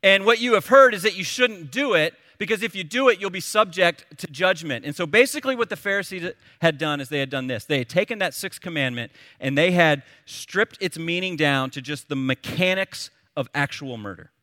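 A man in his thirties preaching a sermon, telling a family story in an animated, conversational way. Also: high voice, a little fast, few pauses, no room sound, studio quality, long reverb tail. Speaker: pastor.

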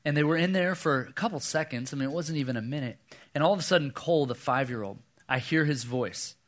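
A man's voice: on the high side, quick pace. A man in his thirties preaching a sermon, telling a personal story and acting out the voices in it. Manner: animated storyteller, acts out voices, drops to a hush for quoted lines. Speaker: pastor.

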